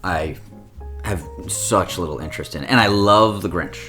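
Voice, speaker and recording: A man with a very low voice talks through film opinions in a relaxed podcast chat. He builds his points in long, reasoned turns. Faint music plays underneath. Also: normal speed. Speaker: podcast co-host. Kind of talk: casual chat.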